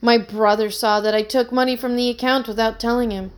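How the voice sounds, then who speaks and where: A woman's voice: on the high side, steady tone, a little fast, smooth, lightly acted. Storybook role: woman reads a nervous young musician pleading his innocence, earnest and worried. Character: anxious young man, a struggling musician accused of theft.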